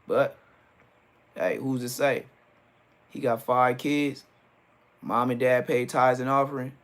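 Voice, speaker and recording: Man, middle-aged, casual livestream rant, joking, mid pitch. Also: level tone, takes it slowly, a bit bright. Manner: joking, storytelling with acted-out quotes. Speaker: livestream host.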